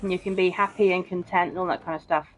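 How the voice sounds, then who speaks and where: A woman's voice: on the low side, steady tone, fast talker, a little hiss or hum. A young woman casually chatting while streaming a game and reading out viewer comments, blunt and swearing freely. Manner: chatty and blunt, swears often, keeps saying bro. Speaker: gaming streamer. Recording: muffled, dull stream audio.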